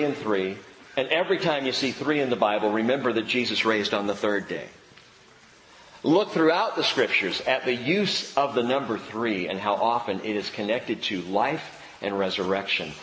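Guy pastor preaching in a big church, gets loud then drops way down, dry jokes, long echo and a little room hum. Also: medium pitch. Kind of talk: sermon. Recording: long hall reverb, faint ambience.

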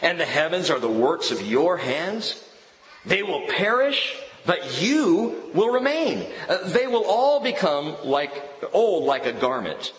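Male pastor, middle-aged, animated preaching with humor, slightly high voice, recorded in a roomy echoing hall. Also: slow. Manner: lively preaching with jokes and personal stories. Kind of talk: sermon.

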